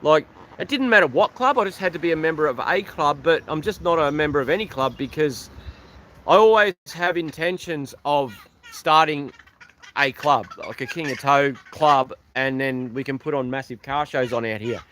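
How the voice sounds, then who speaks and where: A man's voice: a little high, moderate pace, fairly bright tone. An Australian man chatting casually on a livestream outdoors, rambling and thanking viewers by name. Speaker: livestream host. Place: outdoors beside an old truck.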